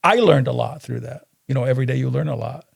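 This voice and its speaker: A man's voice: medium pitch, quick pace, creaky, breathy edge. A man, a business co-founder guesting on a podcast, telling stories casually and acting out the dialogue. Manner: animated storyteller who acts out dialogue. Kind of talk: casual interview storytelling.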